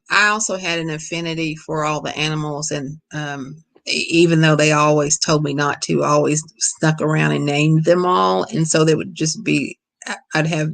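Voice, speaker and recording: A middle-aged woman from Kentucky with a Kentucky accent, an author answering questions over a video call in a relaxed, storytelling way. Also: low-pitched, vocal fry. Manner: relaxed, storytelling, laughs easily. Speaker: guest author. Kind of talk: casual lecture Q&A.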